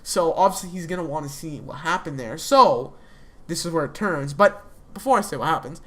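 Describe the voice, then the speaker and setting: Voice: medium pitch, animated, brisk. A young adult speaker recapping a TV episode in a casual, rambling way, full of fillers and restarts. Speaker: TV episode reviewer.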